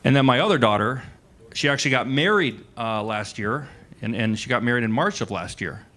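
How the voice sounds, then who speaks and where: A man's voice: mid-range voice, animated, brisk, a bit bright. A man in his forties doing a loose, conversational stand-up set on a club stage, with lots of likes and asides. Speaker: stand-up comedian. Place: comedy club stage with live audience.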